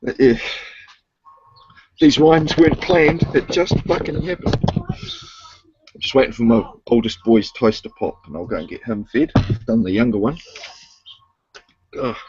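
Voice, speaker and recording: A man's voice: mid-range voice, very animated, a little slow, long pauses, darkish tone, highs cut off, slight background noise. A middle-aged man at home in a casual online voice chat, joking and swearing freely as he rambles. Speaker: voice chat participant.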